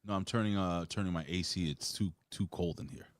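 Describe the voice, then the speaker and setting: A man's voice: low-pitched, fairly even intonation, brisk. A man hosting a casual live wrestling review, recapping in a loose, rambling way full of swearing. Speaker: host of a wrestling review show. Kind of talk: casual live-stream chat.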